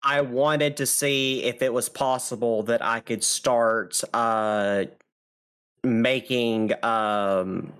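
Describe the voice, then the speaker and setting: A man's voice: medium pitch, steady tone, takes it slowly, fairly bright tone, clean tone. Stumbling man at a tabletop game. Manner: stumbling, restarts. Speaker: player. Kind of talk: casual tabletop chat. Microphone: voice chat microphone.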